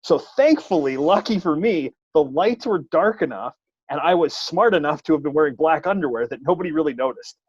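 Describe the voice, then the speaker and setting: A man's voice: a little high, brisk, breathy edge, dry recording. A man, a wrestling referee, telling a funny story in casual podcast chat, poking fun at himself. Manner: self-deprecating, animated anecdote telling. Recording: dull lo-fi dry podcast audio.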